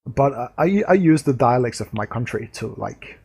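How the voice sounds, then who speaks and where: Danish man, husky voice, hesitant podcast host. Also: medium pitch, expressive, normal speed, darkish tone. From Denmark. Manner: hesitant, searching for words. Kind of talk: casual interview chat.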